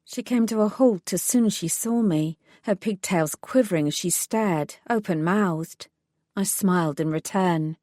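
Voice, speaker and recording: A woman reading a first-person audiobook in a measured, wry storytelling manner. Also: on the low side, darkish tone, dry recording, clean studio sound. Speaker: audiobook narrator. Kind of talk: scripted first-person narration.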